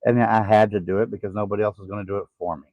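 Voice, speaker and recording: A man in his forties telling his own story in a halting, tired way, pausing to catch his breath. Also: lowish voice, steady tone, no echo. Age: 40s. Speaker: vlogger. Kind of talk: casual personal vlog. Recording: tinny phone-like sound.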